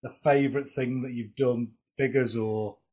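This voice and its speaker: A man's voice: mid-range voice, fairly even intonation, normal speed, darkish tone. A middle-aged man with a Yorkshire accent hosting a podcast in casual, jokey, rambling chat. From Yorkshire, England. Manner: chatty, rambling, jokey, with many restarts. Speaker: podcast host.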